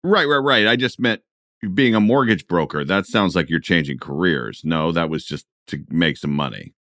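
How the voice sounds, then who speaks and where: Host guy, low voice that swings around a lot, quick questions. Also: lively intonation, fairly bright tone. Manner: brief reactions and clarifying questions. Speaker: podcast host. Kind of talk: casual interview.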